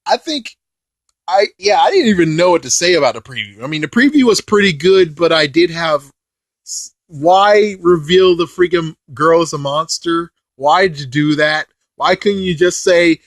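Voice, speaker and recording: A man giving a casual, rambling review of a show, excitable, with mild swearing and filler phrases. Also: fairly high pitch, a little slow, no room sound, studio quality. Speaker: video reviewer.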